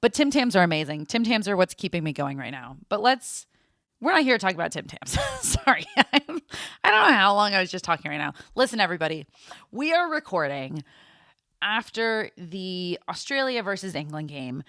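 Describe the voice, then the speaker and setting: Here the podcast co-host is a young woman with a medium-pitched, sing-song, fairly bright voice at a moderate pace. She rambles through casual chat and laughs frequently, recorded cleanly in a studio without room sound.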